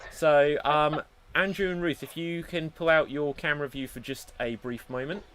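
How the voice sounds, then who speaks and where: A man's voice: a little high, fairly even intonation, normal speed, a bit bright, clean tone. Upbeat male improv host. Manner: upbeat, giggly, running the show. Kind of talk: live improv hosting. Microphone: video call.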